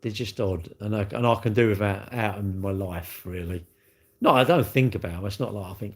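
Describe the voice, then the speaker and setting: A man's voice: on the low side, a little fast. A man, chatting casually to viewers as a livestream host, rambling and repeating himself in a blunt, chatty way. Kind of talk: casual chat to live viewers.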